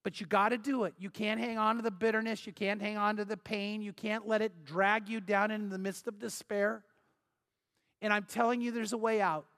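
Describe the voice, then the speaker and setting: A middle-aged man preaches a sermon in a raised, higher-than-usual voice. He leans hard into his points, stacking up repeated phrases as he builds. His delivery is earnest and emphatic throughout. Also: fairly even intonation, a little fast, a bit bright. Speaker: pastor.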